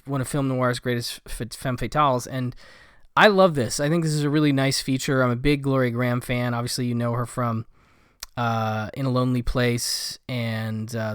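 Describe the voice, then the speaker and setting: Male film reviewer, casual and digressive, smooth resonant tone, dead-dry recording. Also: mid-range voice, dry recording. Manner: rambling, with many fillers and asides. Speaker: film collector reviewing a Blu-ray set.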